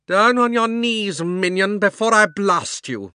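A towering witch queen in a storybook, put on by a man and pushed far up in pitch and loud. She thunders her commands slowly and fiercely. The recording is dry and close. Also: animated, smooth, dry recording, full character voice. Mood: imperious. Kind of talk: audiobook character reading. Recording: dry close studio sound.

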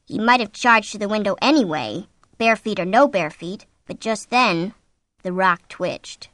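A woman reading a horror novel aloud as an audiobook, with an expressive, suspenseful delivery on a close mic. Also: mid-range voice, a little slow, no echo. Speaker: audiobook narrator. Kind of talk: scripted narration of a horror novel.

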